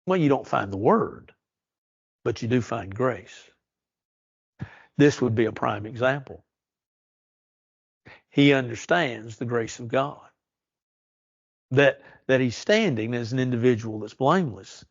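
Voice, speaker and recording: A man teaching a church Bible study, earnest and slow on the verses he stresses. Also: mid-range voice, lively intonation, creaky, husky, no room sound, lo-fi sound. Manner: earnest, reads verses slowly and emphatically.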